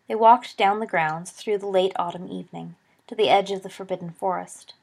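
A woman narrating a story aloud in a steady audiobook reading, giving the characters voices. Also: mid-range voice, a little fast, gravelly.

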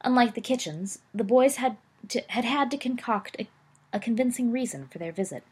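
A woman's voice: fairly high pitch, moderate pace, breathy edge. A woman reading a story aloud, narrating evenly with occasional small slips. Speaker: reader. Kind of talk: fan fiction read aloud.

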